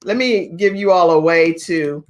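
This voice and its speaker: A woman with a somewhat low voice hosts an online talk show. She is chatty and encouraging, and she laughs often as she talks with her guests. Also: a little slow.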